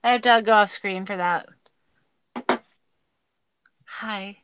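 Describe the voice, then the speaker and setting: A woman guest on a video call, chatting casually and joking in an animated way. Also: medium pitch, slow, background noise. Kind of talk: casual chat.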